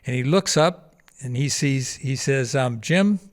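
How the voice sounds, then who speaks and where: A man with an ordinary, middle-pitched voice tells a story in a relaxed interview. He talks in a lively way, acting out each person's lines and breaking into laughter as he goes. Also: a little slow. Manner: animated anecdote-telling, acting out quoted voices, laughs often. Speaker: podcast guest, charity founder.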